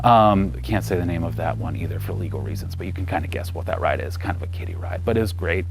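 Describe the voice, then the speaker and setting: A man in his thirties preaching a sermon as pastor, telling stories and acting out the voices, loud one moment and nearly whispering the next. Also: low voice, fast talker, creaky, background noise. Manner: animated storyteller acting out voices, ranging from loud to near whisper. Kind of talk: sermon with personal storytelling.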